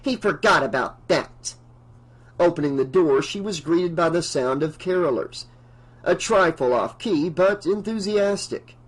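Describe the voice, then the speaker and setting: Male audiobook narrator, somewhat high voice, steady even delivery. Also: a little slow, poor audio. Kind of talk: unabridged novel reading.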